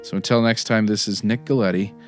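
Podcast host guy wrapping up the show, chill, quiet guitar playing behind. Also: lowish voice, fairly even intonation, a little fast. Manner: easygoing, asks listeners for reviews. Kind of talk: show outro.

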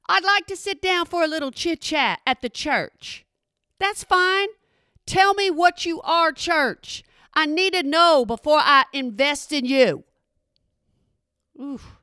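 A woman's voice: high voice, bright, forceful tone, no room sound, studio quality. A woman from Texas with a Texan accent, telling a chatty story and asking again and again if you hear her. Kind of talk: storytelling monologue.

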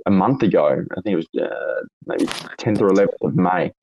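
A man with an Australian accent and a raspy voice, hosting a casual audio chat and asking long, rambling questions with lots of fillers. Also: low-pitched, brisk, a little mellow, muffled recording, slight background noise. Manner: rambling, self-correcting questions with frequent fillers. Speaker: host. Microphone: online audio chat room.

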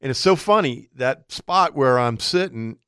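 Male radio co-host who tells long stories vividly; smooth, clear tone, close dry mic. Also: medium pitch, measured pace, no room sound. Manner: animated storyteller acting out his own thoughts. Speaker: radio outdoor show co-host. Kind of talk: storytelling on talk radio.

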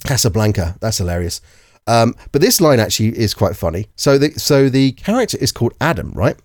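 A man casually reviewing a film on a podcast, animated and joking, often slipping into put-on voices. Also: medium pitch, fairly quick, no room sound, clean studio sound. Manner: animated, puts on jokey voices. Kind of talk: casual movie review chat.

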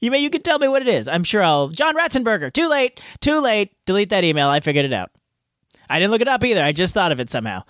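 A man's voice: high voice, big pitch swings, racing, fairly bright tone, dry recording, clean studio sound. A man hosting a podcast, chatting through his outtakes in a goofy, playful, self-mocking way from a hot home garage. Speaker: podcast host. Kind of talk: casual outtakes chat.

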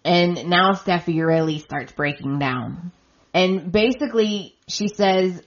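A woman with a lowish voice, chatting through a soap opera recap at an unhurried pace. She keeps slipping into "she's like" as she retells each scene. The recording sounds dull and lo-fi. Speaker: podcast host.

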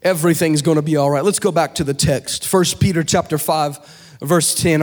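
A young man preaching a sermon to a live congregation, moving from easy storytelling to chanted, shouted climaxes. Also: fairly high pitch, fairly even intonation, moderate pace.

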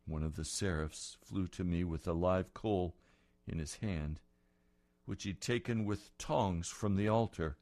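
A man preaching a sermon, retelling scripture dramatically and building to loud, passionate peaks. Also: low-pitched, measured pace, no room sound.

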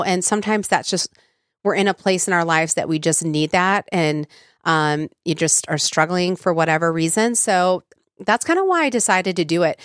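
A woman hosting a casual solo podcast speaks with a fairly low pitch, recorded with clean studio sound and no room noise. She chats loosely, full of "ums" and "you knows," her voice congested from a cold.

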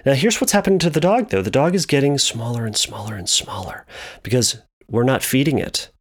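A man explaining anxiety through a long playful metaphor, animated and repetitive. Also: medium pitch, a little fast. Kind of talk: storytelling metaphor lesson.

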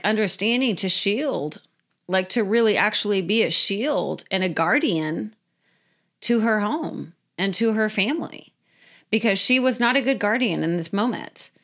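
A woman giving a casual, animated Bible teaching who often repeats her phrases. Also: medium pitch, a little slow.

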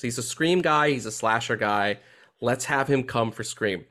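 A man's voice: medium pitch, expressive, normal speed, a bit bright. A man hosting a casual podcast, congested from a head cold, profane and joking as he talks. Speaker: podcast host.

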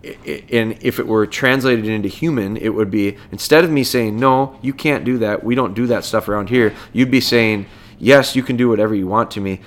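A man's voice: fairly low pitch, a bit bright. A man hosting a podcast as a dog trainer, explaining things in a casual, conversational way and breaking points down step by step.

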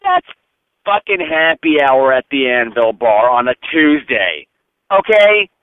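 A man's voice: medium pitch, lively intonation, a little slow, smooth, no echo. A man leaving a sarcastic, profane, mocking voicemail for a podcast. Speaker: voicemail caller. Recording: tinny phone line, dry.

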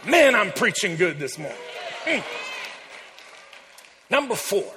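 A man preaching a sermon in a church, exuberant and joking with the congregation, building up to shouts. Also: sits high, sing-song, slow, long reverb tail, crowd noise, noisy background. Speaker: pastor.

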